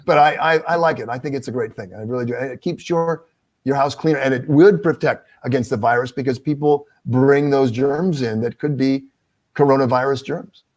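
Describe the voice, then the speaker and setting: A man who works as a TV news anchor, speaking as a guest on a video call and telling lively anecdotes. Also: mid-range voice, a little fast. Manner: animated storyteller, acts out dialogue. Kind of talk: casual video-call interview.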